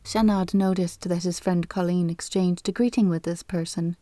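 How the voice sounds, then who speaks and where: A woman reads a classic novel aloud as an audiobook, her delivery measured and even. Her voice sits on the low side, and the studio recording is clean with no room sound.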